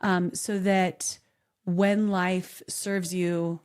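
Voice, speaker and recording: A woman's voice: lowish voice, little pitch movement, extremely slow, a little mellow, clear, resonant tone. A woman co-hosting a podcast, chatting candidly and telling stories with laughter and animation. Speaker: podcast co-host. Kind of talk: casual podcast chat.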